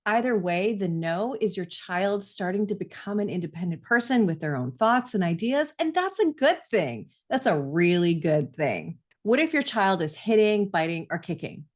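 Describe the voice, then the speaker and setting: A woman's voice: medium pitch, sing-song, moderate pace, few pauses. A middle-aged woman, a parenting coach, giving earnest, reassuring advice in a conversational way straight to camera.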